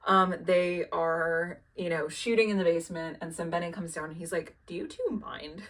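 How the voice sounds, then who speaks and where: Young woman with a lowish voice chatting through a recap, lots of ums and likes, swears a bunch. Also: level tone, moderate pace, fairly bright tone. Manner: rambling, filler-heavy, swears freely, laughs at her own asides. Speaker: show recap vlogger.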